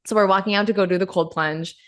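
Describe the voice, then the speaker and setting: A woman hosting a podcast, telling a story in a casual chat, lively, acting out the voices in it and swearing freely. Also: mid-range voice, fast. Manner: animated, acts out quoted voices, swears freely. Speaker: podcast host.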